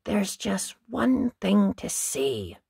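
A man shouting as a stubborn little boy knight. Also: big pitch swings, drawn-out words, gravelly, slightly rough, dry recording, clean studio sound, heavily acted. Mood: earnest. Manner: shouted, high, bratty.

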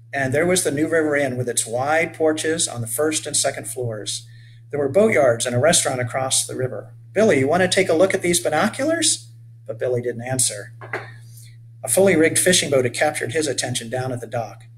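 An older man reads his own children's story aloud at an even, mid-range pitch. He slows down to explain words to young listeners. A faint hum runs underneath. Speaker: author reading his children's book.

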